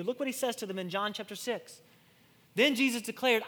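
A man preaching a sermon, swinging between loud declarations and hushed, intimate lines, often repeating and restarting words. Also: very high-pitched, fairly even intonation, fast. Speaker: pastor. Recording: long hall reverb.

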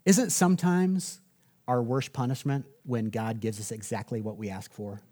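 A man's voice: mid-range voice, fairly even intonation, moderate pace, warm tone. A man preaching a sermon in a conversational way, often checking in with listeners and adding humor. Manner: conversational, asks the audience "right?", jokes. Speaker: pastor.

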